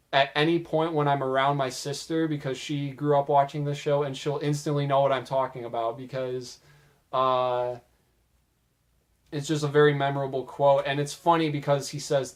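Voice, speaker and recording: A young man casually talking through funny cartoon scenes, chatty with many fillers. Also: mid-range voice. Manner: chatty, filler-heavy, relaxed. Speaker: video host.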